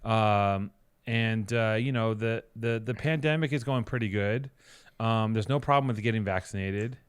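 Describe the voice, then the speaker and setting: A man's voice: lowish voice, moderate pace, smooth, no echo. A man co-hosting a podcast, chatting casually and telling rambling, sarcastic stories with plenty of swearing. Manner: rambling, sarcastic, profane storytelling. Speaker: podcast co-host. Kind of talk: casual chat.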